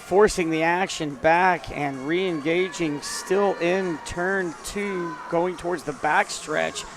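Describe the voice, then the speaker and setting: A man's voice: a little high, fairly even intonation, slow, slight background noise. A man giving analytical color commentary on a roller derby bout, talking through the plays with some restarts. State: winded.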